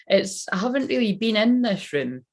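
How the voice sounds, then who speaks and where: Gravelly rambling Scottish woman. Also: mid-range voice, very animated, normal speed, darkish tone. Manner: rambling, chatty, swears. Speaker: tarot reader. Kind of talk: casual livestream chat.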